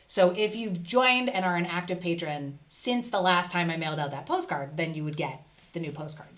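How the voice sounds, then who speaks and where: A woman's voice: fairly low pitch, fairly bright tone. A woman hosting a casual live stream, chatting playfully and reading viewer comments aloud. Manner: chatty, reads chat aloud, playful asides.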